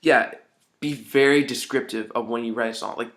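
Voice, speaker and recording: Male songwriter, loose rambling delivery, medium pitch, informal tips. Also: steady tone, normal speed, fairly bright tone. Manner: rambling, keeps saying "you know what I mean". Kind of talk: casual spoken advice.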